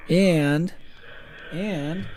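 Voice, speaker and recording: A man's voice: a little high, very slow, a little mellow, slight background noise. A young man chatting casually with his viewers while streaming a game, rambling with lots of fillers. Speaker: gaming streamer.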